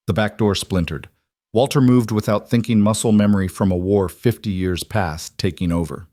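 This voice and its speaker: A man narrating a suspense story in a measured, scripted way. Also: lowish voice, mellow, no echo, clean studio sound.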